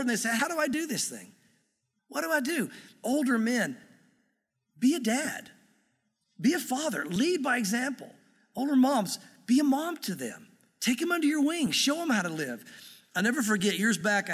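A middle-aged male pastor preaching a sermon in an earnest, conversational way with gentle humor. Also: high-pitched, long reverb tail.

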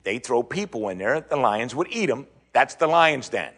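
Man, preacher, sermon, rhetorical questions, husky voice, animated pitch swings. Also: moderate pace. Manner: rhetorical questions, rising to emphatic high points then dropping low.

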